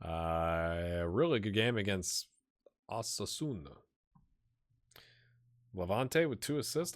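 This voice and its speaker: A man hosting a gaming channel, thinking aloud in casual commentary and talking straight to his virtual players. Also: moderate pace. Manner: animated, jumps high when excited.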